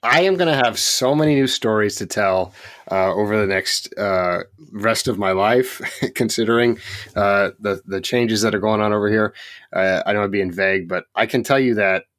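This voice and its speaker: Low-voiced, opinionated podcast co-host man. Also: a bit bright, dry recording, clean studio sound. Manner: opinionated, ranting with quick jokes. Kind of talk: casual chat.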